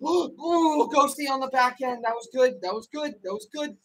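High, bright, anxious man reacting live. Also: moderate pace, a little hiss or hum, low-quality recording. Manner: anxious, excitable, repeats phrases over and over. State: out of breath. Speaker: streamer hosting a hockey watch-along.

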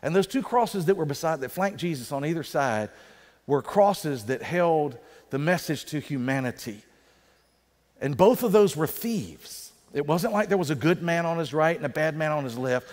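A male pastor preaching a sermon in a conversational way, slowing down for emphasis. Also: on the high side, expressive. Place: church sanctuary. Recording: reverberant church sanctuary.

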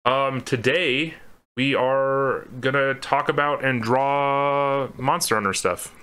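A man's voice: mid-range voice, fairly even intonation, takes it slowly, sharp tone, smooth. Young man chatting while drawing. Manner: rambling, laughing, swears casually. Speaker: podcast co-host. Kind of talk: casual chat while drawing.

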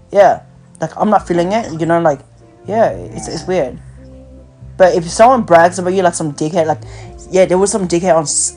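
A woman's voice: fairly low pitch, a little mellow. Blunt ranting woman podcast host. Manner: blunt, swearing, ranting with many fillers. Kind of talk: casual chat. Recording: phone call with faint music.

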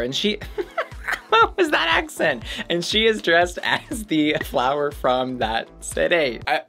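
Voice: medium pitch, fairly bright tone. Campy host gushing over runway looks, slangy, voice bounces all over. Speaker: drag commentary host. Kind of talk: casual commentary reviewing runway looks.

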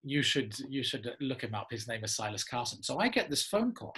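Husky-voiced English actor telling stories. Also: male voice, medium pitch, a little fast. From England. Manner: animated storyteller, laughs often. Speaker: actor guest. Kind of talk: casual interview anecdote.

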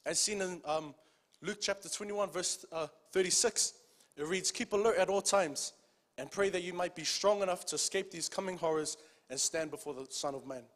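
A man with a high-pitched voice preaches a sermon. He reads scripture aloud, slows down on the key lines, and keeps calling out to the congregation with "amen" and "church.". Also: fairly bright tone.

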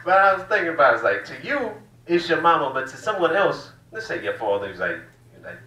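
A man's voice: medium pitch, big pitch swings, normal speed, pushed and bright. A man from the American South, doing a loose, profane stand-up set in a small cafe room. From Southern United States. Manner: loose, profane, drawling storytelling. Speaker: stand-up comedian. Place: small cafe room used as comedy venue. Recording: roomy room, distant mic, faint hiss.

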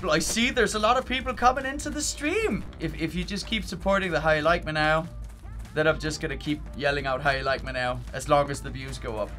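Bright-voiced excitable man with Irish-tinged accent. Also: on the high side, a little fast, faint music behind. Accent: Irish-tinged English. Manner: excitable, bursts into loud cheers and chants. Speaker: streamer. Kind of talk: gaming livestream chat.

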